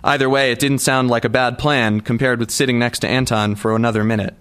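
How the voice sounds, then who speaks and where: A man's voice: mid-range voice, steady tone, quick pace, fairly bright tone, clear, resonant tone. A male narrator reading a first-person story aloud in a wry, dry manner. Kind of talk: audiobook narration.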